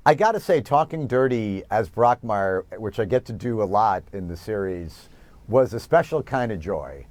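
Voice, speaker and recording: Casting: animated, self-mocking New York man, expressive pitch, dry close sound. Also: measured pace, dry recording. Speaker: guest. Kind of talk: remote TV interview.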